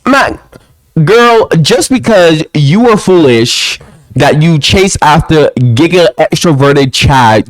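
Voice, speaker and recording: A young man ranting to camera in a casual monologue at home, often tacking a low "bro" onto his lines. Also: no echo, poor audio. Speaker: vlogger. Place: quiet home, alone.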